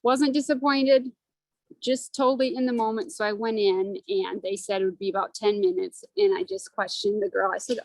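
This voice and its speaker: A woman's voice: medium pitch, fairly even intonation, a little fast, dry recording, poor audio. A woman telling a personal story on a video call in a rambling, earnest way, close to tears. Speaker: study group member.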